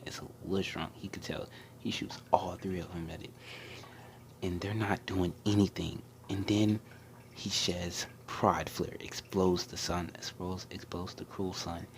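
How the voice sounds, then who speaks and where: A young man casually retelling an anime fan story in a hushed, often half-whispered way, with lots of restarts and fillers. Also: deep voice, slight background noise.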